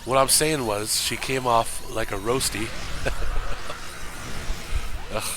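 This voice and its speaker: A man's voice: on the low side, big pitch swings, drawn-out words, creaky, noisy background. A man chatting casually and profanely while streaming a game, rambling and joking with viewers.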